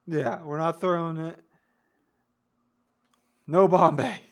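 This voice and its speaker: A man's voice: a little high, fairly even intonation, slow. A man co-hosting a podcast in casual chat, blunt and teasing, swearing freely. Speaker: podcast co-host.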